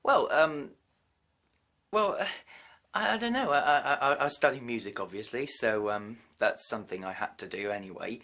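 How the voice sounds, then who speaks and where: A man who is a singer-songwriter guest, giving hesitant, halting interview answers over a video call. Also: mid-range voice, lively intonation. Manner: hesitant, halting, trailing off quietly.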